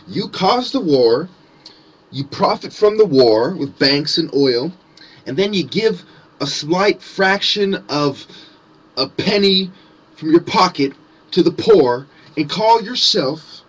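A man delivers a furious monologue, full of swearing and mock-innocent sarcasm. His voice sits a touch high and sounds husky and rough-edged, as he swings between taunting and shouting at his target. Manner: profane, sarcastic, mocking. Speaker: conspiracy commentator. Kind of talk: angry ranting monologue.

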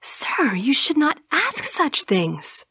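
Female reader as an innocent, nervous maiden for an audiobook, lifted pitch, gravelly edge. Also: expressive, unhurried, dry recording, clean studio sound, exaggerated voice. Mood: alarmed. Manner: old-fashioned polite speech, raised voice. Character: innocent young village maiden, nervous and polite. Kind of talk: audiobook character voice.

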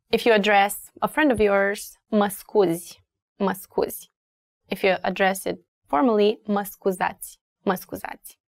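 A woman's voice: mid-range voice, dry recording, studio quality. A woman with a Romanian accent, a native Romanian speaker, teaching a beginner language lesson in a patient, repetitive way. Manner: slow and patient, repeating words clearly with fillers.

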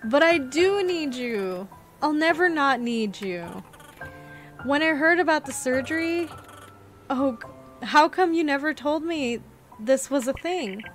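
Woman voicing an earnest young game girl, heartfelt, high voice, unhurried. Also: animated, fairly bright tone, faint music behind, full character voice. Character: young bird girl talking to her mom.

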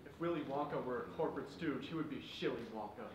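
A man doing live improv puns and taking suggestions from the audience, talking in a halting way with fillers. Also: medium pitch. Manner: animated, punning, halting with fillers. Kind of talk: live improv pun game. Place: performance room with a live audience. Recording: very echoey room, mic far off, background noise.

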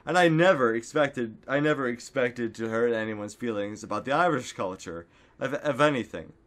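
A man talking straight into a desktop microphone at home, his voice sitting in an everyday middle register. He rambles in a goofy, meandering way, piling up fillers and breaking into silly shouts. It sounds like a loose, casual solo vlog. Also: mid-range voice, moderate pace. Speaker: vlogger. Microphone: desktop studio microphone.

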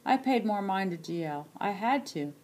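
A woman's voice: medium pitch, lively intonation, normal speed, darkish tone, slight background noise, natural voice. An elderly grandmother, as a woman reads her. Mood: insistent. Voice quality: plain rural dialect speech. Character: elderly Southern grandmother, proud and stubborn.

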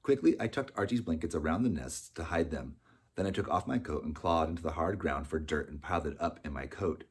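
A man narrating an audiobook in a steady storytelling manner. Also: a bass voice, a little fast, breathy edge. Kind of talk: scripted narration.

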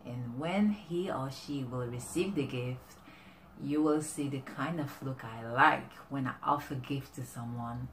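A woman talking casually to camera with relationship advice, animated and halting, often restarting her sentences. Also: very deep voice, echoey room, slight background noise. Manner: animated, often acting out quoted exchanges. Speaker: vlogger giving relationship advice.

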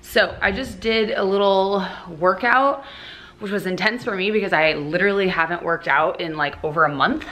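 A young woman chatting casually to her camera in a vlog, slangy and quick with asides. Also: mid-range voice, a bit bright. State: out of breath after a workout. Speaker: vlogger.

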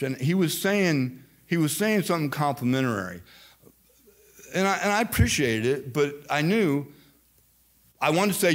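A man's voice: on the high side, sing-song, unhurried. An older man preaching a sermon as pastor, telling stories with emphatic, repeated phrases. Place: church sanctuary.

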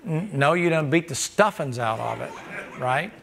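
A preacher with a gravelly, slightly high voice delivers a folksy sermon. He jokes with the congregation and breaks into loud bursts of laughter. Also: lively intonation, moderate pace, background noise.

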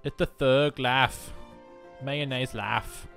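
A man's voice: medium pitch, steady tone, takes it slowly, creaky, over music. A man giving rambling, self-mocking let's play commentary alone in his room, full of jokey asides. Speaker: gaming commentator.

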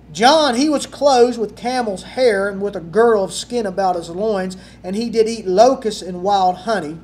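A man preaching a sermon and reading scripture, folksy, asking the congregation rhetorical questions and swinging from loud emphasis to near-whispers. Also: high voice, slight background noise. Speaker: pastor.

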